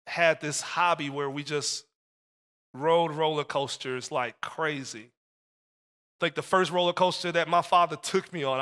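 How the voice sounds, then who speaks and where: High bright-voiced man preaching. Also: clear, resonant tone, long reverb tail. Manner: storytelling, repeats phrases for emphasis. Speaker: pastor. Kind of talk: sermon.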